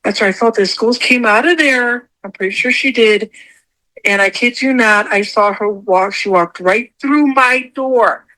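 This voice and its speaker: Middle-aged woman guest on a podcast, fairly high voice, jumps way up when she quotes herself. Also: a little slow, poor audio. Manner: animated, acts out her own quotes in a high voice. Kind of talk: casual storytelling interview.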